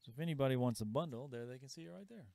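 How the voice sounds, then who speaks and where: A man hosting a live comic shop sale, chatting casually and pitching items with asides. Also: expressive, racing, creaky, darkish tone, no echo. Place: comic store. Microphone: livestream camera mic.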